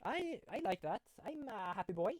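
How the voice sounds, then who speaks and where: A male game streamer chatting casually and rambling a little as he thanks his viewers. His voice swings lively up and down, and the sound is dry and close. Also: high voice, normal speed, no echo. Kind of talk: casual live-stream chat.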